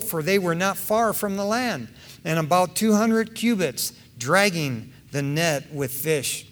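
A man preaching a sermon in a lively, conversational way, acting out the people in his story with slang. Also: on the high side. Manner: animated, acts out voices, conversational slang. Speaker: pastor.

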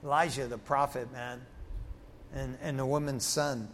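Animated preacher man in a reverberant hall. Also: mid-range voice, unhurried, slight background noise. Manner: animated, acts out Bible voices. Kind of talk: sermon. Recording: long reverb of a large hall.

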